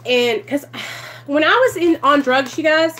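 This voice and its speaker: Young woman vlogger with a fairly high voice, confessional and emotional, frequent sighs. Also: measured pace, fairly bright tone. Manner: emotional, teary, sighing often, talks straight to viewers. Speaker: vlogger sharing her recovery story. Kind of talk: casual confessional vlog. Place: at home.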